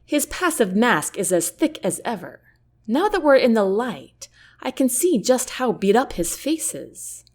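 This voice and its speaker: A woman narrating a first-person novel as an audiobook, with an expressive, character-driven delivery. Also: a little high, unhurried.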